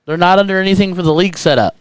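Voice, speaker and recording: A man's voice: sits high, racing, smooth, no room sound. A man doing casual, joking commentary on a darts livestream. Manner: joking, teasing, animated. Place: indoor event stream room.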